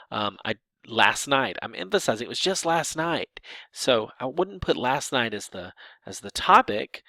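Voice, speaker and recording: A man explaining sign language grammar in a relaxed lecture, emphatic and lively, often restarting his phrases. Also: medium pitch, no room sound. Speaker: ASL linguistics instructor.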